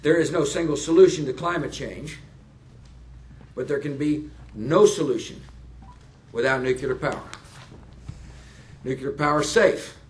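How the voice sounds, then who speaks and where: A man in his sixties giving a public speech to plant workers, folksy and halting, with fillers and joking asides. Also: a little high, slight background noise. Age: 60s. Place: nuclear power plant, indoors.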